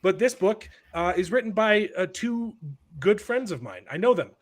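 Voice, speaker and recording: A man's voice: high voice, very animated, normal speed. A man hosting a podcast in casual chat, rambling and repeating words as he starts his sentences. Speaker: podcast host.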